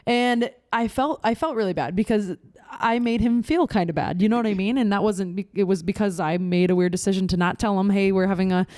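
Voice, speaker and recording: A woman's voice: medium pitch, a little fast, hardly any pauses, a little mellow, no room sound, studio quality. A woman in her twenties co-hosting a podcast, telling candid stories in a rambling, filler-heavy way. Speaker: podcast co-host. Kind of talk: casual chat.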